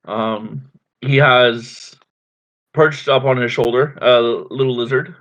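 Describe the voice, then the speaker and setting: A man's voice: medium pitch, steady tone, takes it slowly, fairly bright tone, low-quality recording. A man hesitantly introducing his tabletop game character with lots of fillers.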